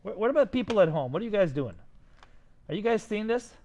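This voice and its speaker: A man's voice: sits high, sing-song, fast talker, a little mellow. A man teaching a design class and reviewing student sketches, enthusiastic and always checking in with his students. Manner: enthusiastic, talks to students directly with many "right?" checks.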